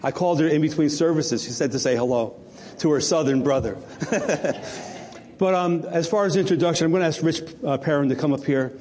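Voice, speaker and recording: Chatty pastor in a reverberant church. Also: male voice, fairly high pitch, a little fast, a little mellow. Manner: chatty, joking with congregation. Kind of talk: church announcements. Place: church sanctuary. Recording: long hall reverb.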